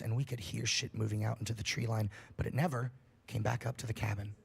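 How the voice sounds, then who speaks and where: Gravelly man telling a scary story. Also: mid-range voice. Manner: profane, animated storytelling. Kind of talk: reading a scary story aloud on a livestream.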